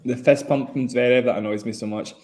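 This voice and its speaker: A man's voice: mid-range voice, fairly even intonation, a little fast, a little mellow. A man co-hosting a live tennis watchalong, chatting casually and offering playful tips. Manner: giving playful tips, laughs often. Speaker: podcast co-host.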